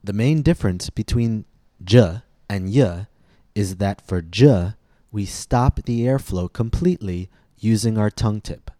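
Man, pronunciation teacher, scripted lesson, deliberate careful diction, dark warm tone. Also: on the low side, no echo, clean studio sound. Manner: slow, deliberate, clearly articulated instruction.

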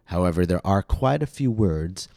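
Male host, American accent, low mellow voice, deliberate scripted teaching read, dry close mic. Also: expressive, creaky, no room sound. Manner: slow, carefully enunciated teaching delivery. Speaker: pronunciation podcast host. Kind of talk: scripted pronunciation lesson.

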